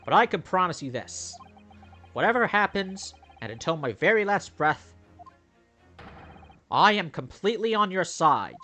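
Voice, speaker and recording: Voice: mid-range voice, very animated, a little slow, pauses often, bright, forceful tone, pitched above the performer's own voice, exaggerated voice. A player voicing an earnest young law student, sincere and formal as he makes his promises. His delivery moves up and down with feeling, over faint music.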